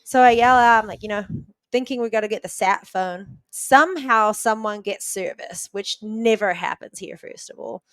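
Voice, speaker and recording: A woman from New Zealand, a podcast guest, earnestly retelling a personal story with quick restarts. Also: mid-range voice, clean tone, no room sound.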